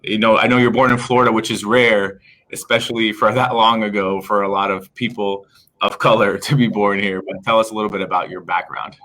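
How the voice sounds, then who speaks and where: A man's voice: fairly low pitch, steady tone, a little fast, bright, forceful tone, poor audio. A man hosting an interview, asking long rambling questions with fillers. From Palestinian background. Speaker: host, interviewer. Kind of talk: casual interview talk.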